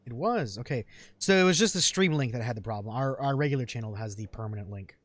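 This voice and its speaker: A man co-hosting a let's play, chatting and joking quickly while reading game lines aloud. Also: medium pitch, lively intonation, a bit bright, dry recording. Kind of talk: casual gaming chat.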